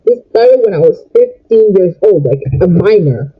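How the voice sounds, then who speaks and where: Upset, husky young woman ranting. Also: medium pitch, expressive, normal speed, narrow, tinny audio. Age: young adult. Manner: upset, rambling, emotional. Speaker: vlogger. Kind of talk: get-ready-with-me rant while doing makeup.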